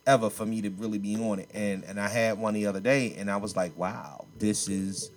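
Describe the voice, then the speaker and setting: A man's voice: on the low side, fairly even intonation, fast, noisy background. A man hosting a podcast, chatting casually in loose slang and often repeating himself. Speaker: podcast host. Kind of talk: casual chat.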